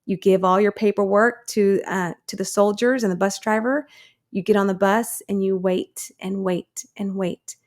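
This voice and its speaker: A woman's voice: medium pitch, fairly even intonation, moderate pace, darkish tone. A woman in her thirties, a guest in an interview, telling her own story earnestly and acting out the people she quotes. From United States.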